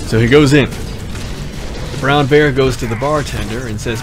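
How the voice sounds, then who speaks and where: A man telling a long joke in a slow, drawn-out storytelling way, with music behind. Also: mid-range voice.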